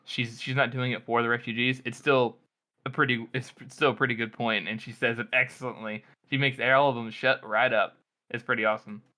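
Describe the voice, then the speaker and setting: A man co-hosting a podcast, talking enthusiastically and haltingly about a book. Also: mid-range voice, little pitch movement, bright, forceful tone. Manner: enthusiastic, halting, many fillers. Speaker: podcast co-host. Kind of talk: casual book discussion.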